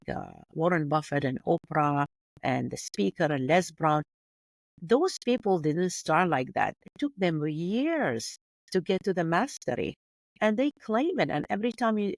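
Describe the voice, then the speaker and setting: Appearing as a guest on a podcast for a casual interview chat, a woman who natively speaks Kurdish talks earnestly with a Kurdish accent. Her voice is fairly low with vocal fry, recorded without echo, and she often restarts and repeats words.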